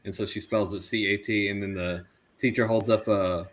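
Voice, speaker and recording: A man in his thirties co-hosting a podcast, telling stories in an animated way with lots of fillers and laughs. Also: on the low side, a little hiss or hum. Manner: animated storyteller, quick to laugh, many "like" fillers. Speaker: podcast co-host. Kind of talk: casual chat.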